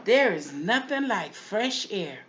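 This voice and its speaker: A woman's voice: medium pitch, very animated, slow pace, a bit bright. A woman playing a gossipy, nosy neighbor lady who watches the street from her window, in a folksy, chatty comic monologue full of repeated asides. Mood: musing.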